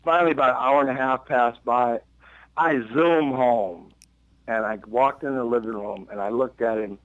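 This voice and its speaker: A man of middle pitch spins a lively personal story as an interview guest, stumbling over restarts and leaping up in pitch whenever he acts out what someone said. The recording is dull and lo-fi, close and dry with no room sound. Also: normal speed, dry recording. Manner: animated storyteller acting out quotes with sudden pitch jumps and many restarts. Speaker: guest musician.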